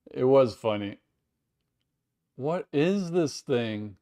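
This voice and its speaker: A man's voice: medium pitch, lively intonation, takes it slowly, dark tone. A man hosting a casual live watch-along stream, chatting with viewers, reading out their messages and reacting with surprise. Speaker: livestream host.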